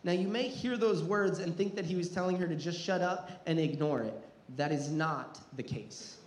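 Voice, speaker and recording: A man's voice: fairly high pitch, normal speed, slight background noise. Earnest male preacher in an echoey hall. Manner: earnest, repeats words when restarting, rises in intensity. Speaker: pastor. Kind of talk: sermon.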